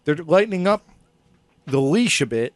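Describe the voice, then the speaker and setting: A man's voice: a little high, sing-song, moderate pace, no room sound. A man hosting a comedy history podcast, reading from his script in a rambling, laughing, swearing way. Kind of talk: casual comedic history chat.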